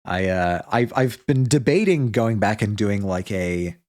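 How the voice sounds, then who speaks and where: A male streamer thinking aloud in casual chat, rambling and restarting his sentences. His voice sits a bit low. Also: expressive, a little slow, a little mellow. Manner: rambling, self-interrupting, many restarts and fillers.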